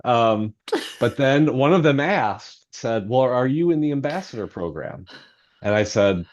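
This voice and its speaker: A man's voice: medium pitch, expressive, a little slow, darkish tone, highs cut off. A man, a novelist guest on a podcast, telling a self-deprecating story in a rambling way full of fillers. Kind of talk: anecdotal storytelling in podcast interview.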